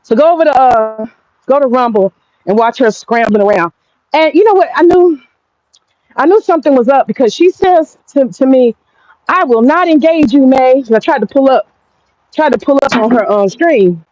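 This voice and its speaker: Brash, profane high-voiced woman streamer. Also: lively intonation, normal speed, mellow, no room sound. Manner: brash, profane, laughing, talking straight to viewers. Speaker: streamer and commentator. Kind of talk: casual gossip commentary. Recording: dull lo-fi dry sound.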